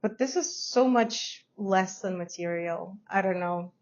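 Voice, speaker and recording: A woman's voice: medium pitch, a little slow, a little mellow, highs cut off. A woman who is not a native English speaker, reviewing fragrances in a chatty, hesitant way and laughing often. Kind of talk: casual review to camera.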